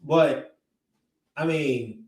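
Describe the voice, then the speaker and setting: A man's voice: mid-range voice, drawn-out words, a little mellow. A man with a mid-range voice gives blunt, rambling sports opinions, often restarting his sentences. He sits well back from the microphone, and the room adds a roomy echo. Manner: blunt, rambling, with many restarts and filler words. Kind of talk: casual sports talk. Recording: roomy echo, distant from the mic.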